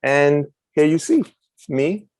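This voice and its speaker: A man's voice: fairly high pitch, slow pace, a little hiss or hum. A man being interviewed as an author, telling stories in casual chat and acting out quotes on a video call. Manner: animated storyteller, acts out quotes. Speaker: author guest.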